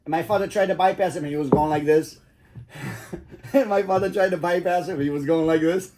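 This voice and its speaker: Profane, rambling storyteller dad, fairly high voice. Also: male voice, fairly even intonation, a little fast, darkish tone. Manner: rambling, profane, laughs at his own stories. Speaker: father telling stories to his kids. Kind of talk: casual storytelling.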